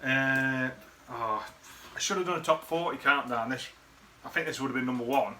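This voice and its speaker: Bright-voiced bloke rambling fondly. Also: male voice, medium pitch, normal speed, slight background noise. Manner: rambling, sweary, chuckling. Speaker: friend recording a birthday message. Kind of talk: casual rambling reminiscence.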